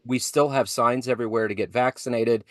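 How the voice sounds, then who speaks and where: A man hosting an interview podcast, chatting casually and getting animated and laughing as he tells a story. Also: mid-range voice, brisk, no echo, clean studio sound. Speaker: podcast host.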